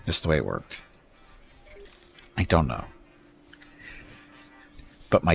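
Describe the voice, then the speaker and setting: A man's voice: extremely low pitch, big pitch swings, slow pace, creaky, fairly bright tone. A man casually commenting on his space strategy game during a live stream, rambling, thanking viewers and joking about word pronunciations.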